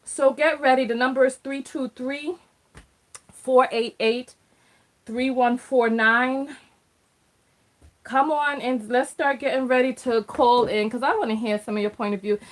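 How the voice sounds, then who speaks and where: A woman hosting a casual live stream from her RV, talking to viewers in an animated, exasperated way. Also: high voice, measured pace. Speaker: host.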